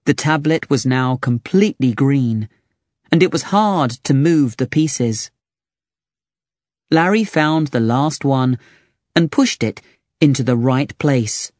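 A narrator reading a children's storybook aloud with slow, expressive delivery. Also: mid-range voice, no room sound.

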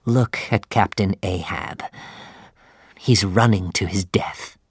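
A man doing a quiet, grieving first mate. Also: sits low, slow pace, husky, no echo, clean studio sound, pitched below the performer's own voice, heavily acted. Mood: sorrowful. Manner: quiet, pleading. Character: troubled male first mate, gentle and grave.

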